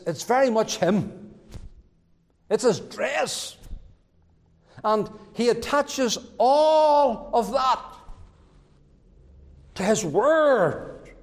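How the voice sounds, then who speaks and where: High-voiced, slow-preaching man in a reverberant church. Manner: emphatic preaching with swells in pitch and many repetitions. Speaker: pastor. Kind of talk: sermon.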